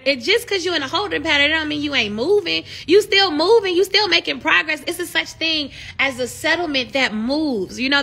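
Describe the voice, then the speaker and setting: On a live stream, a young woman with a bright, high voice chats casually. She frequently drifts into lively, encouraging preaching that carries a forceful edge.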